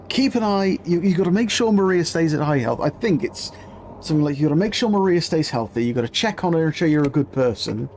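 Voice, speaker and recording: A man's voice: on the high side, a little mellow, slight background noise. A man giving chatty live gameplay commentary as a streamer, swearing casually and talking to his chat.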